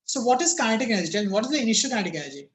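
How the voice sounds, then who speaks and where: A man's voice: high voice, very animated, rapid-fire. A man teaching a physics class over a video call, his voice cracking, repeatedly asking students "yes or no?" and telling them to think about it.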